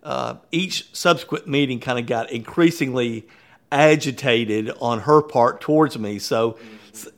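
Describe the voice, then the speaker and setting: A man, a workplace consultant, telling a story in an animated, conversational way with frequent chuckles. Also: medium pitch, measured pace. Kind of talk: storytelling talk.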